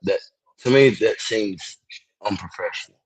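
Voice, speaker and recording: Yawning and rambling through a casual phone livestream, a drowsy young man apologizes and curses freely. He speaks at a measured pace in a fairly low pitch, and the low-quality recording has a bit of hiss or hum.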